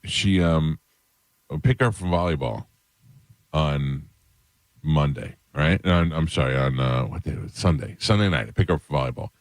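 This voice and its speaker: Deep-voiced male radio host telling stories. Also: lively intonation, normal speed, no echo. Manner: storytelling, acts out family dialogue. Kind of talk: casual morning radio chat. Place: radio studio. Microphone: studio microphone.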